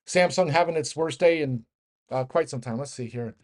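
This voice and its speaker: A man giving a fast, rambling casual market rant as host, with many restarts and fillers. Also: a little high. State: out of breath. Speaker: market commentator.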